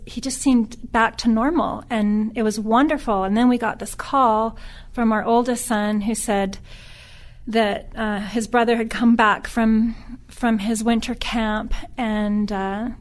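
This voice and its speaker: A middle-aged woman who is a podcast guest, telling a personal story in a subdued, earnest way that often stops and restarts. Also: mid-range voice. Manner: halting, with frequent restarts.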